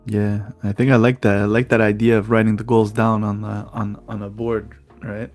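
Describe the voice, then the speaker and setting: Flat-voiced podcast host, hesitant. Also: male voice, lowish voice, normal speed, soft background music. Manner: hesitant, repeats words while starting sentences. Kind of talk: casual podcast conversation.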